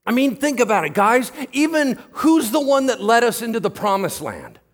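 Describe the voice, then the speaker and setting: A male pastor preaching a sermon, telling the story in lively casual slang and often checking in with "right?". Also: very high-pitched, moderate pace.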